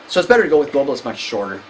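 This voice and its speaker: Animated woman lecturing parents. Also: rough recording. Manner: animated, acts out kids and parents in high voices. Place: lecture hall.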